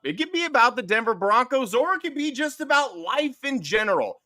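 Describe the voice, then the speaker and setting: A male podcast host with a high, lively voice that swoops around as he teases his guest. His bright, sharp tone sits close and dry on the mic. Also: fairly quick, hardly any pauses, no echo. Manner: playful, teasing, wordy rants. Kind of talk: casual podcast chat.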